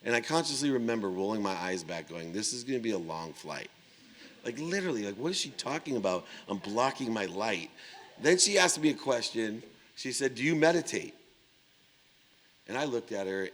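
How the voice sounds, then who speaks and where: Middle-aged male keynote speaker, lowish voice, animated storyteller, conference-hall reverb. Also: normal speed. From Ohio, USA. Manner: animated, acts out dialogue with big swings in pitch and volume.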